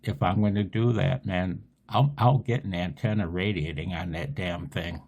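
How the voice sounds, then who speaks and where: A man's voice: low-pitched, normal speed, a little mellow, slightly rough, highs cut off. A man rambling through a casual amateur radio vlog, silly and laughing often, with a strained throat.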